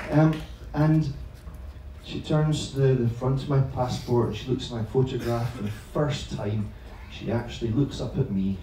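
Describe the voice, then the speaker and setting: A man's voice: mid-range voice, fairly even intonation, moderate pace, mellow, slight background noise. Man telling a funny story in an echoey room. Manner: chatty, self-mocking, swears freely. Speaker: teacher trainer telling a story on stage. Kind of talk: live comic storytelling to an audience. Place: large echoing room at an evening event. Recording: very echoey room, voice far from the mic.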